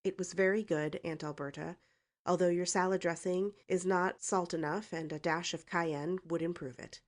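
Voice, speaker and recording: Storybook role: a defiant young woman with a sharp tongue, read by a woman narrator. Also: on the low side, fairly even intonation, normal speed, lightly acted. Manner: brazen, cutting retorts.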